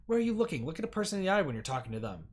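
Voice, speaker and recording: Harsh and commanding, this is a stern older woman dressing someone down in a video game, as a male streamer puts her on, her pitch swinging widely as she barks orders. The voice has a husky edge. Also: sing-song, very fast. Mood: demanding. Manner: harsh, commanding, sharp-tongued. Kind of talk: reading game dialogue aloud.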